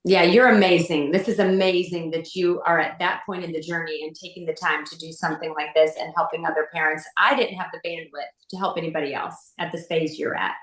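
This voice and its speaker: A woman's voice: sits low, fairly even intonation, brisk, few pauses, a bit bright, echoey room, rough recording. A middle-aged woman talking chattily as a podcast guest, full of "you know" and "like". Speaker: guest, mother. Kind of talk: heartfelt podcast interview.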